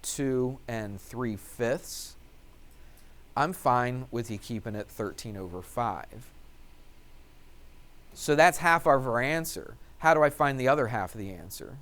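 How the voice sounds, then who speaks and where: Math teacher quizzing an empty room. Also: male voice, medium pitch, lively intonation, takes it slowly, a bit bright. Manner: asks questions and answers them himself; talks while writing out steps. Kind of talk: classroom lecture.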